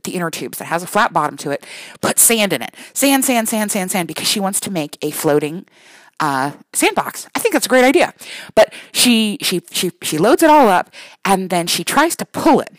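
A woman's voice: on the low side, no room sound, low-quality recording. A mother telling a story casually, rambling with many restarts, self-deprecating and laughing along.

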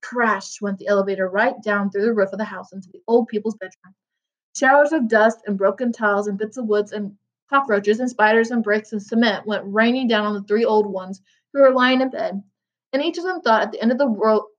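A woman reading a children's book aloud, steady and even, with small slips now and then. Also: mid-range voice, highs cut off. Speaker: reader.

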